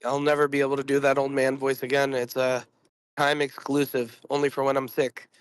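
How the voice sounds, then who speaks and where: A man who is sick and keeps clearing his throat, chatting bluntly and swearing a lot on a group voice call about trading and his job. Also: medium pitch, monotone, fairly quick, no echo. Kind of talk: casual chat.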